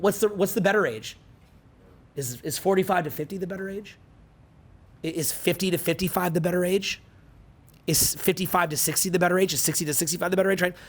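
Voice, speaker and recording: A man in his forties talks to a seminar crowd in a loose, rambling way, full of "like" and "you know" and frequent swearing. His voice sits a little higher than most men's. He gets animated and fires off questions as he goes. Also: slightly rough. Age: 40s. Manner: rambling, profane, animated, filler-heavy. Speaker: seminar speaker. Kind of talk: casual seminar talk.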